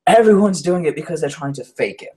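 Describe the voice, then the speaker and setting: Fast-talking brash man. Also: on the high side, a little hiss or hum, poor audio. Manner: fast, animated, self-mocking talker. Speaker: guest. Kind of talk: casual interview chat.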